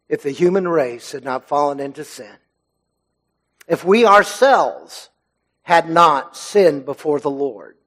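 A man preaches a sermon from a church pulpit. His voice sits fairly high for a man, and he speaks earnestly and with emphasis. His phrase endings often sink low and quiet. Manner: earnest, emphatic, lets phrase ends drop low and soft. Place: church sanctuary.

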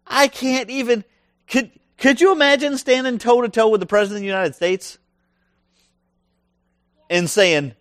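High-voiced middle-aged male preacher. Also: unhurried, pauses often, no echo, studio quality. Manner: conversational, animated, asks the audience questions. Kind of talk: sermon.

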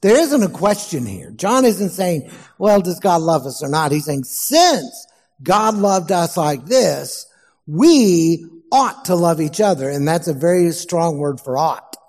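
A man preaching a sermon as pastor, slow and emphatic, asking the congregation questions. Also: fairly high pitch, lively intonation, long reverb tail.

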